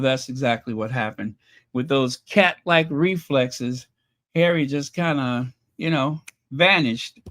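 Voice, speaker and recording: A man hosting a casual livestream, chatting with viewers in a mocking, rambling way full of pauses and fillers. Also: medium pitch, fairly bright tone. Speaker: channel host reading super chats.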